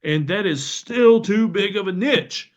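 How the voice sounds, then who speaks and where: With a high, animated voice that runs a little slow, this Southern United States man hosts a solo podcast. He chats casually and with enthusiasm, full of fillers and restarts, over slightly dull lo-fi audio.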